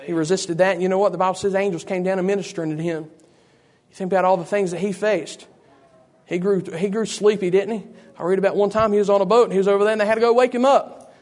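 High-voiced preacher man. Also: steady tone, fast, darkish tone. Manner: preaching with repeated rhetorical questions to the congregation. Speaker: pastor. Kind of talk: sermon.

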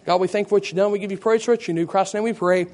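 A man preaching a fervent sermon with a hoarse, worn voice, praying with a repeated "Lord" and building to shouts. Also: sits high, steady tone, very fast. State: hoarse, losing his voice.

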